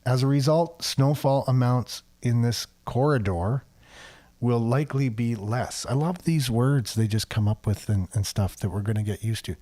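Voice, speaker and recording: A man's voice: medium pitch, normal speed, warm tone. Chatty man hosting local talk radio. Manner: chatty, sarcastic asides, frequent fillers. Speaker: radio show host. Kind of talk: casual talk radio, reading a weather forecast.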